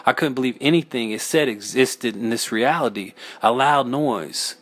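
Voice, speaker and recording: A man's voice: medium pitch, normal speed. Man reading a frantic horror story. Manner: frantic, breaking into yells and sobbing lines.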